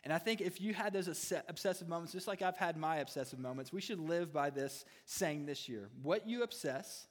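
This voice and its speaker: A man's voice: on the high side, fairly quick, hardly any pauses. A man preaching a sermon as a student ministry pastor, with playful humorous asides. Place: church hall. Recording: reverberant hall.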